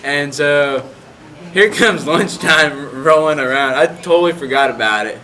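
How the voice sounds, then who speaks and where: A man's voice: a little high, unhurried, pushed and bright. A young man casually telling a rambling story, full of "like" fillers.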